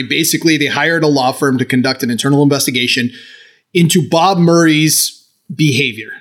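A man's voice: on the high side, a bit bright. A man hosting a hockey podcast, upbeat and jokey as he steers the talk. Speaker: podcast host.

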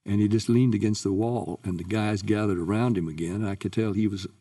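Older man telling stories, low and mellow. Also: fairly quick, distant mic. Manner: lively recounting, acts out quoted voices. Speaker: guest singer. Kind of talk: anecdotal interview storytelling.

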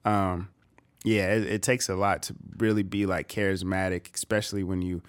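A man's voice: low voice, level tone, normal speed, dry recording. A man co-hosting a podcast in casual chat, laid-back, often laughing along. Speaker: podcast co-host.

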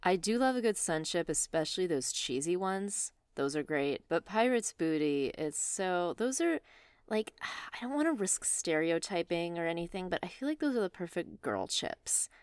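Woman podcast cohost, smooth voice, kinda out of breath, playful chatty vibe. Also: fairly low pitch, big pitch swings, normal speed, no room sound, clean studio sound. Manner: chatty, playful, laughs easily. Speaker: astrology podcast co-host. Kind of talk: casual podcast chat. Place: room with open door during rainstorm.

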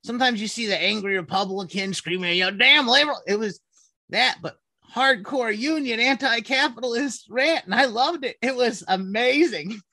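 Guy with a high voice, keeps laughing through his stories, dry close mic. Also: moderate pace, sharp tone, dry recording. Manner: laughs often while telling stories. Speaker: friend sharing memories. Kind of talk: casual conversation.

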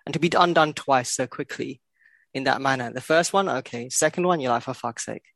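Gravelly guy ranting about footy, swears a lot, dead dry sound. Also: medium pitch, brisk, fairly bright tone, no echo. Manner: blunt, sweary, laughing. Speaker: podcast co-host. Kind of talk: casual football chat.

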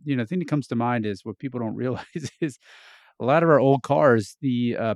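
A man's voice: medium pitch, no echo, clean studio sound. A man hosting an interview podcast, talking casually and chattily, often nodding along with short agreements. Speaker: podcast host. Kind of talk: interview conversation.

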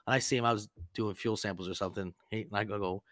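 A man's voice: lowish voice, steady tone, fast, a bit bright, no room sound, studio quality. A man hosting a podcast, telling rambling service stories in a casual, profane way and laughing often. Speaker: podcast host. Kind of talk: casual storytelling chat.

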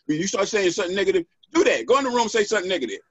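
A middle-aged man talking as a podcast guest and author, animated and preacherly, checking in with "right?" as he goes. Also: high voice, very fast, no echo. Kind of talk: motivational podcast conversation. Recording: dull, dry lo-fi audio.

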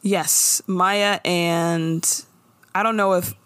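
A woman co-hosting a casual chat, recapping a TV episode with animated storytelling and acted-out lines. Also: fairly low pitch, extremely slow, clear, resonant tone, dry recording. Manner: animated storytelling, acting out characters' lines with laughs. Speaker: podcast co-host recapping a TV episode.

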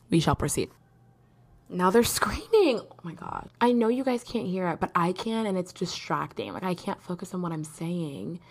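A young woman in her late teens hosts a chatty, rambling podcast. Her voice sits a bit low for a woman, and she keeps breaking into laughter and playful mock drama. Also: gravelly, slightly rough. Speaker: podcast host. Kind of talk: casual chat.

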